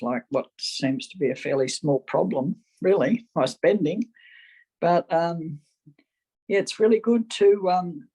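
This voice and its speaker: A man sharing haltingly at a recovery meeting and thanking the previous speaker. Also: a little high, creaky, a little mellow, husky, low-quality recording. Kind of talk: personal share at a recovery meeting.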